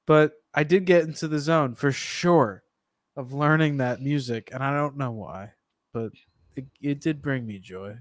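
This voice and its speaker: A man in a casual podcast chat, jokey and self-deprecating, trailing off quietly at the ends of lines. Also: medium pitch, a little slow, no room sound.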